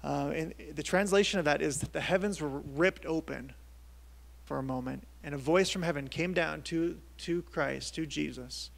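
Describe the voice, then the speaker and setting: Gravelly tenor preacher, casual style. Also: male voice, a little high, normal speed. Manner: casual, conversational preaching with frequent restarts. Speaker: pastor. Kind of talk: sermon. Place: church service.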